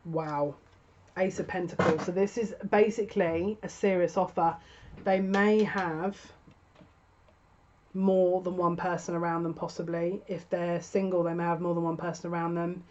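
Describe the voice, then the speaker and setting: A woman's voice: lowish voice, steady tone, moderate pace, a little mellow, lo-fi sound, a little hiss or hum. A woman giving a tarot reading to camera, musing and thinking aloud with frequent restarts. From United Kingdom. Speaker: tarot reader.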